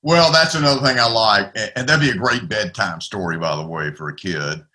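A man's voice: on the low side, brisk, bright, forceful tone. A man hosting an interview, asking easygoing questions. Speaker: interview host. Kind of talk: casual interview.

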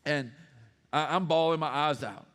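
A man's voice: fairly high pitch, normal speed, a bit bright. A middle-aged man, a pastor preaching a sermon in an earnest, personal way with emphatic repetition. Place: church sanctuary. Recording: long hall reverb.

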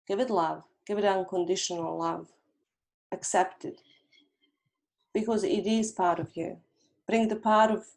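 A middle-aged woman guest, a hypnotherapist, talking gently and reflectively in an interview and acting out little inner dialogues. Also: mid-range voice, gravelly. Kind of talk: conversational interview.

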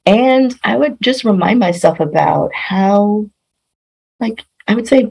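A woman's voice: medium pitch, lively intonation, takes it slowly, creaky, darkish tone, husky, rough recording. A woman guest on a coaching podcast, speaking in an earnest, reflective way. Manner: earnest, reflective, many "like" fillers. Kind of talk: reflective interview talk.

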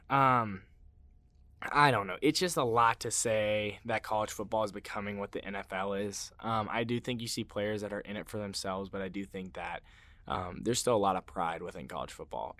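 A man's voice: lowish voice, no echo. A young man hosting a casual sports podcast, rambling through his opinions with lots of fillers and restarts and getting worked up when he rants. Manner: gets worked up and loud when ranting. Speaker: podcast host.

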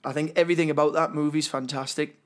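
High-voiced joking man. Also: fairly even intonation, fast. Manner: jokey, laughs through his lines. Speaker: podcast co-host and streamer. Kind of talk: casual chat.

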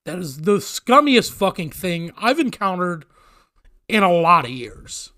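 Man, high-pitched, dry close mic, casual swearing storyteller. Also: a little slow, no room sound. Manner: profane, animated storytelling.

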